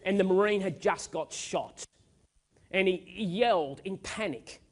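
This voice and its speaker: A man's voice: high voice, unhurried. A man giving a motivational keynote speech on stage, telling stories with energy and emphasis. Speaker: keynote speaker. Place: stage at a live event.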